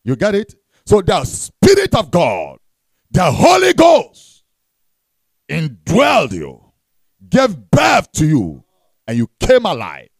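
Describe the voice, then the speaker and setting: A man preaching a sermon, leading the congregation in call-and-response with shouted, sing-song emphasis and frequent repetition. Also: a little high, huge pitch swings, unhurried, gravelly, slightly rough, no room sound, clean studio sound. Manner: repeats words and restarts.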